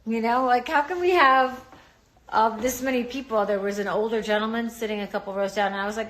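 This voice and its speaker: A woman's voice: on the high side, a little fast, fairly bright tone. A middle-aged woman chatting casually on a live stream, reassuring her viewers and greeting commenters. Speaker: livestream host talking to viewers.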